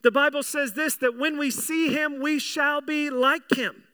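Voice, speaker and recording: High, bright-voiced male preacher. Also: steady tone, measured pace. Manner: earnest, repeats words, asks the congregation questions. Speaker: pastor. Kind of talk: sermon.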